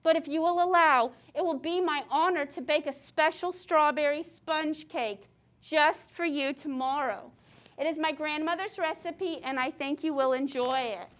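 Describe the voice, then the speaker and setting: A woman's voice: high voice, moderate pace, fairly bright tone. A woman voicing a small, humble female ant who apologizes politely in a storybook read-aloud.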